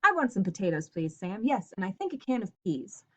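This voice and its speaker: Woman reading as a sugary, falsely bright young wife. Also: mid-range voice, big pitch swings, a little fast. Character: sweet young wife, falsely cheerful and calm.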